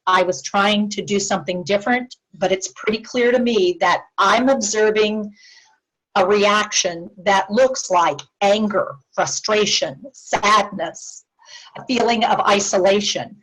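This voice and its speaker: A woman's voice: mid-range voice, unhurried, fairly bright tone, poor audio. Woman educator explaining dementia communication, earnest, acts out little example lines. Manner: earnest, acts out sample phrases with shifting tone. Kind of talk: presentation to a support group.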